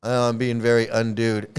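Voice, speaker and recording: Guy ranting on his channel, mocking and cussing, says stuff twice, smooth kinda high voice. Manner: mocking, repetitive, profane. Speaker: commentary channel host. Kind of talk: ranting commentary.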